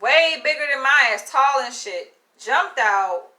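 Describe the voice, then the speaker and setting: A woman's voice: high voice, measured pace. A young woman vlogger telling a story to camera in casual talk, swearing constantly and filling with "yo" and "like". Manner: animated, swears constantly, says "yo" and "like".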